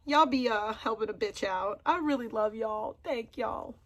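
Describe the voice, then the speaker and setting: A woman's voice: a little high, moderate pace, hardly any pauses. Sassy mocking woman streamer. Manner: mocking, laughing, sassy slang. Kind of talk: casual livestream commentary.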